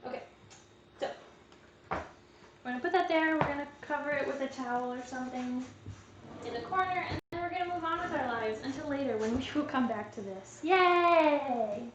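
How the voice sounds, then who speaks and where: Young female cooking host, high voice, casual and jokey, live in an echoey, noisy kitchen. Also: a little fast, long pauses, muffled recording. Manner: chatty, jokey, talks to herself while cooking. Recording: echoey kitchen with background noise.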